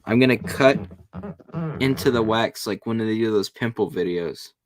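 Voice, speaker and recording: A man's voice: lowish voice, moderate pace, background noise. A man chatting casually while he works on a craft project, matter-of-fact and self-deprecating.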